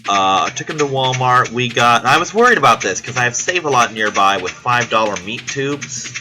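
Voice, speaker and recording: A man's voice: mid-range voice, animated, moderate pace, pushed and bright, a little hiss or hum, poor audio. A man vlogging in a casual, rambling way, chatty and profane, telling a story about his week. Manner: profane, chatty, self-deprecating.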